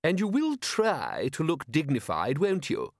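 Man putting on a high, coaxing posh lady, bossy, dry close sound. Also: wildly swooping pitch, unhurried, no room sound, heavily acted. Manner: coaxing, schoolmistress-like. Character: bossy affectionate upper-class lady, a wife.

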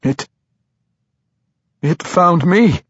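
A man voicing a frightened young male dark elf warrior who stammers and pleads desperately, recorded on a dull, dry microphone. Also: brisk, slightly rough, no room sound. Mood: desperate, fearful. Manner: stammering, desperate, higher pitched.

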